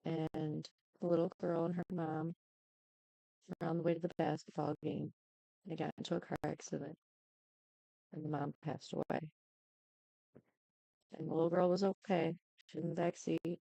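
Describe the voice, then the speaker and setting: Tearful woman with a creaky, dark voice. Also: low voice, flat delivery, dry recording, rough recording. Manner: halting and subdued, with many ums. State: tearful, close to crying. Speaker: YouTuber giving an update. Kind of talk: casual talk to camera.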